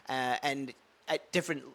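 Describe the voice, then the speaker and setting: A man's voice: mid-range voice, fairly bright tone. Scottish man chatting casually to camera. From Scotland. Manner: rambling, many fillers and restarts, thinking aloud. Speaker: open mic comedian vlogging. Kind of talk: casual vlog chat. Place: at home with a dog.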